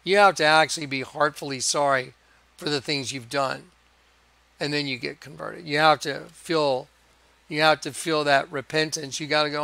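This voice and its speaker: Male video preacher, crisp clear tone, excitable rambling monologue, dry close recording. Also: a little high, normal speed, no room sound. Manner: excitable, emphatic, chuckling. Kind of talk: rambling religious monologue over images.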